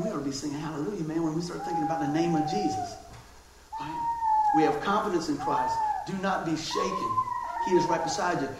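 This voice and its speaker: A man preaching in a big, ringing church hall with a faint hiss behind him. His voice sits high and swoops up and down as he tells homey stories, and he keeps calling for amens. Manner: lively preaching with folksy asides and amens. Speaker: pastor. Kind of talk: sermon.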